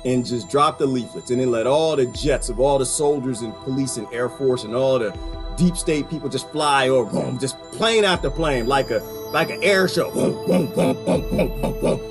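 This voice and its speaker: A man's voice: medium pitch, moderate pace, over music. A man ranting in a casual monologue, rambling and laughing often as he slips into quoted voices. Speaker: vlogger.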